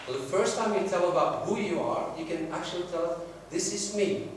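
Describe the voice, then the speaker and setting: A man's voice: sits high, moderate pace, a little hiss or hum. Man, echoey distant room sound. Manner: storytelling, acts out quoted dialogue. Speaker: sales trainer. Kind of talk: classroom workshop talk. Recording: very echoey room, mic far off.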